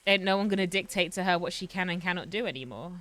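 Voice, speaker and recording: A woman's voice: on the low side, quick pace, pushed and bright. A woman streaming a roleplay game, chatting in a rambling way and laughing often. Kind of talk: casual chat while streaming a roleplay game.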